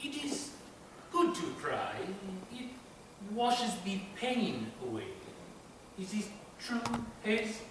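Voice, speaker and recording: A man doing a lovesick Spanish gentleman. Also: sits high, wildly swooping pitch, slow, background noise, full character voice. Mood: wistful. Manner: earnest, tender, accented. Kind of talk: stage comedy acting. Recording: echoey stage from far off.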